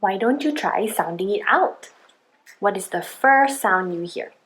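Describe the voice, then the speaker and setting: A woman's voice: medium pitch, expressive, unhurried, poor audio. A woman playing a patient, encouraging mom. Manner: gently encouraging, prompting step by step. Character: patient mother coaching her child. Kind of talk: acted parenting demonstration skit.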